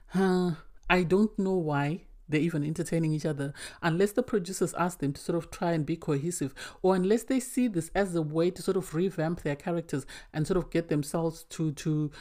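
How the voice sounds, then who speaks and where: A woman's voice: on the low side, a little fast, mellow. A woman giving an opinionated spoken recap and review of a reality dating show, emphatic and often exasperated. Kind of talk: casual recap commentary.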